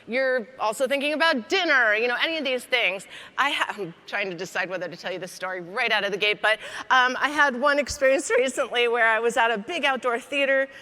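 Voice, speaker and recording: A woman comedian and coach giving a lively, joking keynote talk to a conference audience. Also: fairly high pitch, fairly quick. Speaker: keynote speaker. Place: large conference hall. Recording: long hall reverb.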